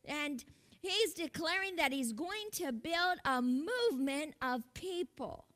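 A woman's voice: high-pitched, animated, takes it slowly, fairly bright tone. A woman pastor preaching a sermon in an earnest way, calling out to her congregation and laughing lightly between points.

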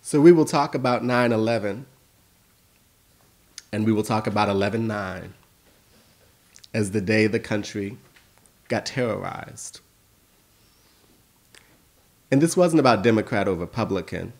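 An American man giving a keynote speech, telling stories with passion and swinging from hushed lines to emphatic ones. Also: lowish voice, moderate pace, long pauses. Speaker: keynote speaker and school principal.

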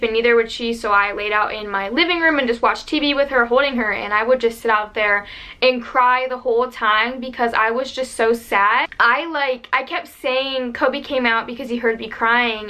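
A young adult woman vlogs casually to camera, offering mom advice in a slightly high, pushed, bright voice. She's chatty and rambling, with lots of "like" and "um" fillers.

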